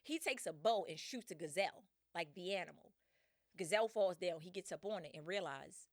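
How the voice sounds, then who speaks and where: A woman's voice: on the low side, a little fast, dry recording, clean studio sound. A woman hosting a podcast, retelling a story in casual slang with lots of energy and laughs. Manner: slangy, animated, laughs often. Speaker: podcast host.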